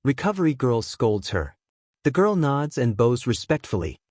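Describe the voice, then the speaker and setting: A man narrating a fan-written story in a steady, even storytelling manner. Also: mid-range voice, normal speed, no echo, clean studio sound. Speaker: fanfic narrator.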